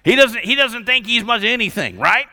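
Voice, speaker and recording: A male pastor preaching a sermon, swinging between loud emphasis and hushed lines. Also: very high-pitched, lively intonation, fairly quick. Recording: long reverb of a large hall.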